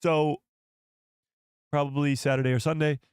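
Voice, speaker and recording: A man hosting a casual live stream and chatting with viewers, with a hoarse voice that is almost gone. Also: on the high side, moderate pace, no room sound, studio quality. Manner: laughing fits, excitable, chatty with viewers. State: losing his voice. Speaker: YouTube livestream host. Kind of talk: casual livestream chat.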